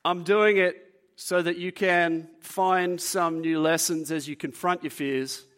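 A young man preaching to a youth group, telling stories in a lively way and acting out what people said. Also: on the high side. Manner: animated storyteller, acts out quotes. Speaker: youth pastor. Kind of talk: youth sermon with storytelling. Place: room with a live audience.

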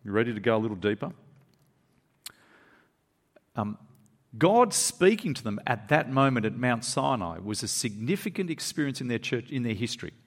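A man preaching a sermon to his congregation, reading scripture aloud and pressing his points with quick asides. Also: big-room sound. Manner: animated preaching, pitch rising and dropping for emphasis, quick asides. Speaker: pastor.

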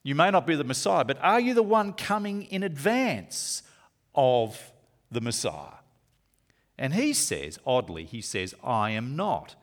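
A man preaching a sermon to a congregation, swinging from loud emphatic lines to slow, hushed asides. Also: medium pitch, big pitch swings.

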